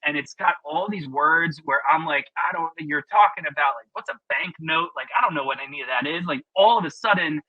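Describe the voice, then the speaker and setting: Upbeat male webinar host, slightly high voice, dull lo-fi call audio, dry sound. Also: slightly rough, dry recording. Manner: chatty, opinionated, lots of fillers. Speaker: webinar presenter. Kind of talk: casual webinar presentation.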